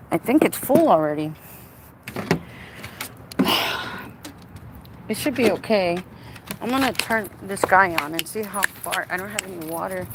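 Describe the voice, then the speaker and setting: A woman chatting casually to her viewers while working on her car outdoors, playful and talkative. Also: lowish voice. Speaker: vlogger. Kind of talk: casual live-stream chat. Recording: outdoor recording with clear background noise.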